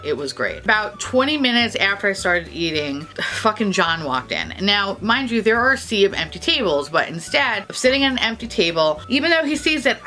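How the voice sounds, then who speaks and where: A woman vlogger telling stories casually, swearing often and rambling. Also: fairly low pitch. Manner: profane, rambling, animated. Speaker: beauty vlogger. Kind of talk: casual storytelling vlog.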